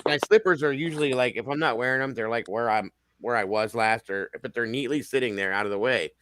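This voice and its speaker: A middle-aged man hosting a casual group chat, talking in a lively way, swearing a lot and laughing often. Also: mid-range voice, fast talker. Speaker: podcast host.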